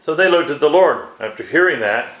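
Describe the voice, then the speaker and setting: A man's voice: fairly high pitch, expressive, brisk, fairly bright tone, roomy sound, highs cut off. A man preaching a Bible sermon, asking his listeners rhetorical questions and exclaiming "wow" between points.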